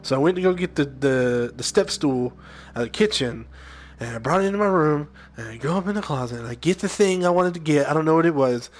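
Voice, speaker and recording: A man's voice: a little high, lively intonation, fast. A young man casually telling personal stories to his viewers in a rambling way, full of fillers and asides. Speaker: gaming video host.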